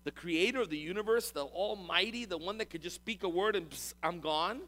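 A man preaching a sermon as pastor, animated and conversational, often repeating words and speaking directly to the congregation. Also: high-pitched, brisk.

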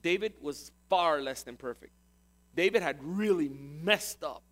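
A man's voice: on the high side, measured pace, a bit bright. A male pastor giving a sermon, retelling a scripture story in an emphatic storytelling way.

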